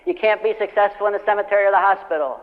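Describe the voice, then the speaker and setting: Speaking live in a large, reverberant hall, a motivational speaker races through stories in a high voice, voicing the customers and friends who appear in them. The audience is present, and the recording is old and lo-fi.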